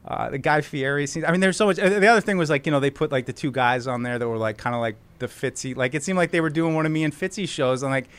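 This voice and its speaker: A man's voice: a little high, quick pace, hardly any pauses, fairly bright tone, clear, resonant tone. A man co-hosting a sports radio show, telling stories in a rambling way that is full of restarts. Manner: rambling, self-interrupting storyteller. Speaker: co-host. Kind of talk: casual sports radio chat.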